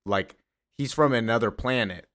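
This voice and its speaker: A man's voice: mid-range voice, moderate pace, a bit bright. A man casually retelling a comic story, rambling along with frequent fillers and restarts. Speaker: comics commentator.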